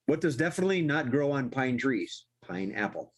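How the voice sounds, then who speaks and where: A man's voice: medium pitch, sing-song, moderate pace, low-quality recording. A man hosting an improv comedy show, chatty, laughing often and tripping over his words.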